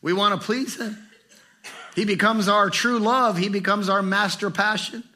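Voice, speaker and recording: A middle-aged man preaches with fervor, his voice bright and a touch high. He swings from ringing emphasis to hushed, tender lines. The delivery is heartfelt and driven. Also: steady tone, normal speed. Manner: passionate, swinging between fervent and hushed. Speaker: pastor. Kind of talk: sermon.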